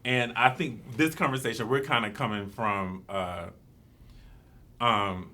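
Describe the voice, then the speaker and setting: A man hosting a casual discussion, playful and quick to laugh. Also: lowish voice. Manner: playful, laughing, animated bursts.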